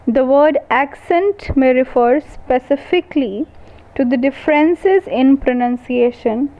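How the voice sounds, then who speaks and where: A woman university lecturer giving a recorded lecture, slowly and deliberately defining terms one by one. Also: high-pitched. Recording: tinny phone-like sound.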